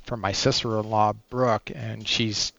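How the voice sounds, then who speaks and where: A man's voice: fairly low pitch, fairly even intonation, measured pace, creaky, a bit bright, no echo. A man in his forties, a podcast guest telling a personal story in a rambling way, full of fillers and restarts. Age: 40s.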